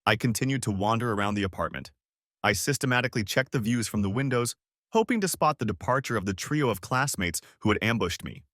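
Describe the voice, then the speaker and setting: Male audiobook narrator, bitter and curt, lively pitch. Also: dry recording, clean studio sound. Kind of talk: first-person audiobook narration.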